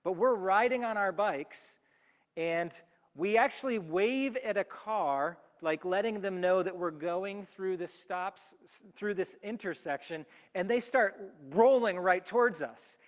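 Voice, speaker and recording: A man's voice: high-pitched, measured pace. A man, a pastor, preaching a conversational sermon in a church and telling everyday stories with emphatic delivery. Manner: storytelling with everyday examples, lively and emphatic. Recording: long hall reverb.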